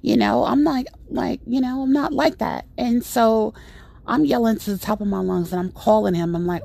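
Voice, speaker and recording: Gravelly, exasperated woman podcaster. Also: medium pitch, normal speed. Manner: animated, exasperated, rambling with fillers. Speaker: podcast host. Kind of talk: casual storytelling monologue.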